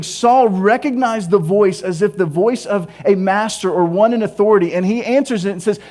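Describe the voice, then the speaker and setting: A male pastor preaches with lively, conversational energy, dropping into casual asides. His voice sits notably high for a man. He swings between bright, emphatic phrases and quieter reflective ones. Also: normal speed, hardly any pauses. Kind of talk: sermon.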